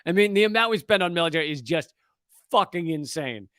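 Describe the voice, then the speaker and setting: A man's voice: a little high, lively intonation, fairly quick, fairly bright tone, dry recording. A man, a comedian, ranting sarcastically and with lots of swearing as he reads from and reacts to a news article. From United States. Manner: profane, sarcastic and exasperated. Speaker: comedian and political commentator.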